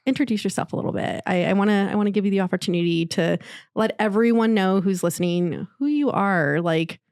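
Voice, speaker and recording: A woman's voice: medium pitch, fairly quick, darkish tone, smooth, no room sound. She is a female podcast co-host with a mid-range voice who chats eagerly and keeps restarting her sentences. The sound is close and dry, from a small studio. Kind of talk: casual podcast chat.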